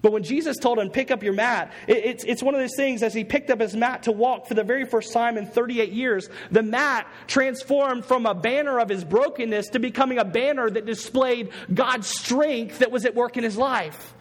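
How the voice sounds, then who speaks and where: A man preaches an earnest sermon at normal speed with hardly any pauses, repeating key phrases for emphasis. His voice is high for a man, and the long reverb of a church sanctuary rings around him.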